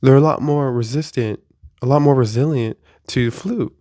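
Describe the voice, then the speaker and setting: A young man of twenty talks straight at the listener in a fed-up, cursing rant, sounding a little under the weather from the flu. His voice sits at an ordinary pitch and comes across close and dry, with no room around it. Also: normal speed, mellow, dry recording. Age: 20s. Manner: exasperated, profane venting with mock quotes. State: sick with the flu. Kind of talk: casual ranting monologue.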